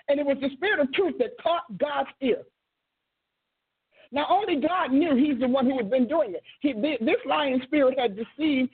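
A woman who hosts a ministry show, teaching a sermon with emphatic storytelling and drawn-out stresses, in a husky voice. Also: high voice. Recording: tinny phone-line sound.

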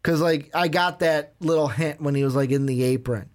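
Guy reviewing a movie on a podcast, kinda high voice, rambles a lot and acts out the scenes. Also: normal speed. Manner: rambling, peppered with "like"; acts out scenes while retelling them. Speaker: podcast co-host. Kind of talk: casual movie review chat.

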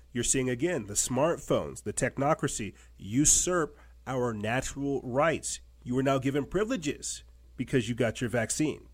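Reading articles aloud on his commentary show, this mid-range-voiced host cuts in with pointed rhetorical questions. He is emphatic and repetitive, saying things again to hammer each point home.

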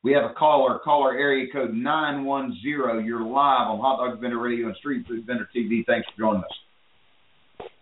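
A man's voice: mid-range voice, steady tone, normal speed. Guy hosting a call-in show, all fired up and rambly, sounds like a phone line in a roomy space. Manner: enthusiastic, rambling, with restarts. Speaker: show host. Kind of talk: call-in radio talk show. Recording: phone-line audio in an echoey room.

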